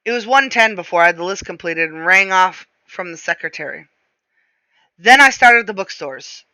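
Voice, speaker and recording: A woman reading a novel aloud, shifting her pace and slowing on descriptive phrases. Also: on the low side, lively intonation, pushed and bright, no room sound, rough recording. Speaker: reader.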